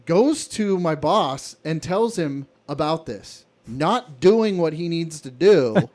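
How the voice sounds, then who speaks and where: A man's voice: fairly high pitch, lively intonation, takes it slowly, darkish tone. A man co-hosting a podcast, telling a long work anecdote in casual chat, with restarts and acted-out quotes. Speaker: podcast co-host.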